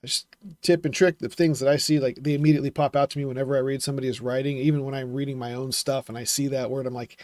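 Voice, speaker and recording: A man's voice: mid-range voice, fairly even intonation, racing, darkish tone, dry recording. Man explaining writing tips, dry sound. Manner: thinks aloud with fillers and self-corrections. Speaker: self-publishing vlogger critiquing writing. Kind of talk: casual explanatory vlog.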